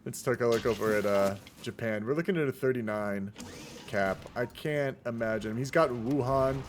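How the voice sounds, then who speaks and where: A man's voice: medium pitch, normal speed, slight background noise. A man giving casual, rambling commentary on a strategy game replay and chatting with his viewers. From United States. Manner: rambling, chatty, talks to the chat. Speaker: game caster.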